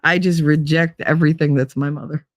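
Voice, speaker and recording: A woman with a New Jersey accent hosting a live stream, chatting casually and reading viewer comments in a very animated, emphatic way with lots of inflection. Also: low-pitched, a little fast, no echo. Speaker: livestream host.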